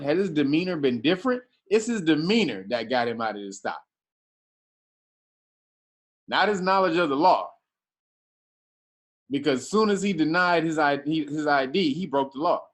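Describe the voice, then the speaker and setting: A man teaching a casual class, talking in slang, often restarting his sentences and stressing his points hard. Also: on the high side. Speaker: class instructor.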